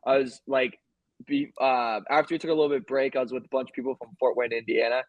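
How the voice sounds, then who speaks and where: Male podcast co-host, medium pitch, rambling and jokey, dry mic. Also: fairly even intonation, fast, no echo, muffled recording. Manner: rambling, joking storyteller. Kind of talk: casual sports chat.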